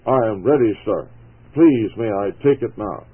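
A man reading a gentle young soldier lad on radio. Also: on the low side, expressive, normal speed, slightly rough. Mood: resolute. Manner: gentle, earnest, tender. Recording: tinny phone-like radio broadcast.

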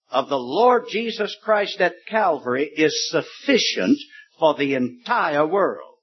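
A man preaching a sermon, slow and deliberate, stretching words for emphasis. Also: high voice, husky. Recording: dull lo-fi recording.

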